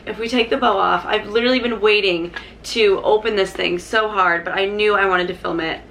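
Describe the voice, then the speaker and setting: A young woman vlogging an unboxing, gushing and bubbly, peppering her talk with "literally" and "like", her pitch jumping high when she is thrilled. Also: fairly even intonation, brisk, fairly bright tone, a little hiss or hum. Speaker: YouTuber. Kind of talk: excited unboxing vlog.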